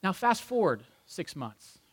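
A man's voice: high-pitched, very animated, measured pace, breathy edge. A male pastor preaching a sermon in a church with humorous, conversational storytelling. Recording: long reverb in a large hall.

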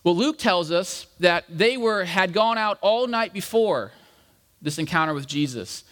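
A man with a fairly high voice preaching a relaxed, jokey sermon. He talks to the congregation like old friends and acts out the quoted voices. A long reverb trails his words around the hall. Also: unhurried. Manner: casual, jokey, addresses the congregation as guys. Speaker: pastor. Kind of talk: conversational sermon.

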